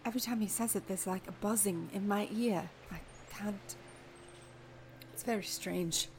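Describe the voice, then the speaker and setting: A woman's voice: mid-range voice, moderate pace, darkish tone, slight background noise. A woman playing a tabletop game in character, asking dry, sarcastic questions. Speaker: player.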